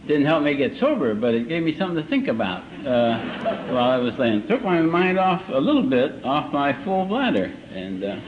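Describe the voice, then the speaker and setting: Older male speaker, dry self-mocking humor, lively slightly high voice, muffled old live tape with faint hiss. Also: moderate pace. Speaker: recovery meeting speaker. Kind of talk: live storytelling talk. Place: meeting hall.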